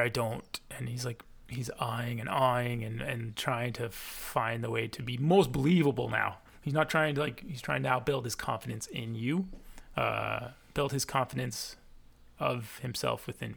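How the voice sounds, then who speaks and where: A man narrating a tabletop game as game master, halting with fillers and restarts. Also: mid-range voice, gravelly, a bit bright, breathy edge.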